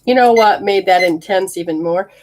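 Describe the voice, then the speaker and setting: A woman's voice: medium pitch, noisy background. A woman hosting a casual live spirit reading, rambling, laughing often and acting out what the spirits say. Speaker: spiritual healer and medium.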